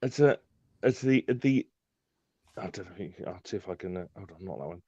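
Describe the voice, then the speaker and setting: A man with a lowish voice chats on a live stream, rambling through fillers and breaking into laughs. His call audio is dry and a little dull, with no room sound at all. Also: expressive, normal speed, warm tone, husky, dry recording. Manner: chatty, laughs often, many fillers. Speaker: co-host. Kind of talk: casual live-stream chat.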